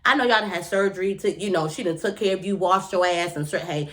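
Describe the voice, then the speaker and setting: A young woman, recapping a reality show in a casual, blunt, opinionated way, often jumping up in pitch as she rants. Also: fast talker. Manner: animated, blunt and opinionated, often jumps up in pitch, swears freely. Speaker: TV recap vlogger.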